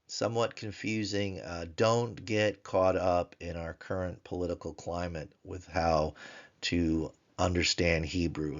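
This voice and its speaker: A middle-aged man teaching Hebrew grammar in a recorded lecture, slowly repeating each word to drill it and adding wry joking asides. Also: low-pitched, lo-fi sound.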